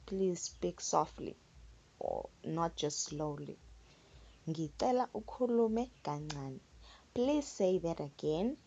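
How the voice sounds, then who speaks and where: A woman teaching phrases patiently in a relaxed spoken lesson, repeating words for learners. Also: on the low side, slightly rough. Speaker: language teacher. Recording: dull lo-fi recording.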